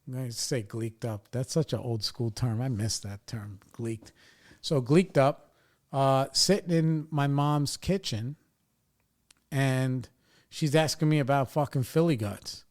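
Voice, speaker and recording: A man in his forties from New York State hosts a podcast and tells a casual story in a rambling, profane way, tagging his lines with "right?" and "you know". His voice is mid-range with a darkish tone, at a measured pace.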